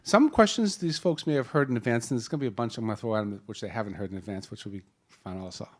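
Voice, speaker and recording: Speaking quickly in a fairly low voice, a man with a Boston accent moderates a live panel through a handheld mic in a conference hall. His introductions are jokey and rambling, with lots of restarts.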